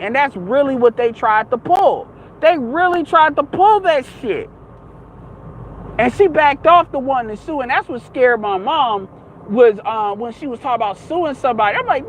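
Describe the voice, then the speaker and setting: A man's voice: very high voice, expressive, normal speed, slight background noise, rough recording. A young man ranting in a casual, heated, rambling monologue, swearing often.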